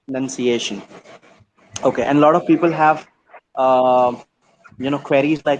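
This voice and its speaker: A man's voice: medium pitch, fairly even intonation, normal speed, pauses often, slight background noise, poor audio. A man with an Indian English accent teaching an online English practice session over a video call, breaking words into syllables and slipping in Hindi. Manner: patient, drills words syllable by syllable; mixes in Hindi phrases. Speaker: English tutor.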